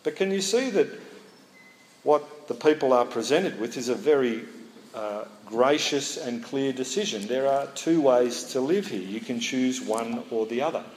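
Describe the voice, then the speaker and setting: A man preaches in a lively, storytelling way, now and then acting out little scenes. His voice sits in the middle of the male range. It rings out through a large, reverberant hall over a faint background hum. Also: mid-range voice, a little slow. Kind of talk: expository sermon. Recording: echoey hall, faint room noise.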